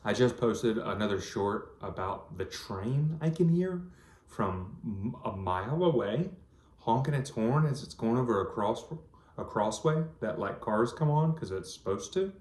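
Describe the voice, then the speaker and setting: A man's voice: mid-range voice, expressive, measured pace, darkish tone. A man, rambling earnestly through a personal vlog with lots of ums. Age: 30s. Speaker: vlogger. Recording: echoey room.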